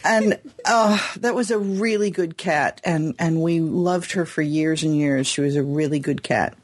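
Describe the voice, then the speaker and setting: Husky-voiced woman in casual chat. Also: low-pitched, measured pace. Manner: chatty, laughing asides.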